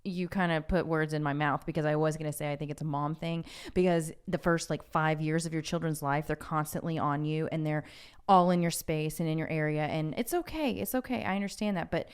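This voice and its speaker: A woman's voice: low voice, steady tone, a little fast, clear, resonant tone. A woman co-hosting a podcast, chatting frankly and casually about her own habits. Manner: frank and talkative, calls herself loud. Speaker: podcast co-host. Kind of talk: casual chat.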